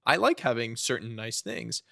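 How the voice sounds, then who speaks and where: A man in his thirties speaking as a podcast guest and author, telling stories in an earnest, animated way. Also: medium pitch, normal speed, vocal fry, no room sound, studio quality. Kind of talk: conversational storytelling.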